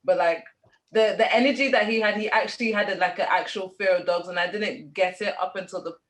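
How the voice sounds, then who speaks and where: A woman's voice: medium pitch, a little fast, low-quality recording. A woman in casual conversation, telling a long personal story with many fillers. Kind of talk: casual chat.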